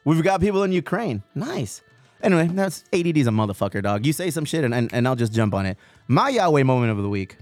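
Brief: male podcast host, mid-pitched, loose profane slangy rambling, faint music underneath. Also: very animated, fast talker, darkish tone, no room sound. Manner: profane, slangy and rambling, calls people dog and bro. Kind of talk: casual podcast chat.

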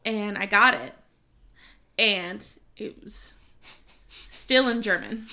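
A young woman co-hosting a casual book chat, animated, swearing freely and trailing off mid-sentence. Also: fairly high pitch. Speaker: podcast co-host.

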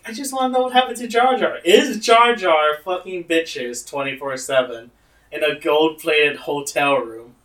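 A man's voice: on the high side, normal speed, a bit bright, recorded from a distance. A young man hosting a casual podcast chat, joking crudely and swearing freely. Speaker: podcast host. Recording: roomy echo.

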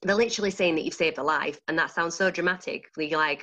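Animated Yorkshire woman, lower voice. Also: fast talker. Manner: animated, gushing, laughs easily. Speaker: dance studio owner and instructor. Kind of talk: enthusiastic interview answers.

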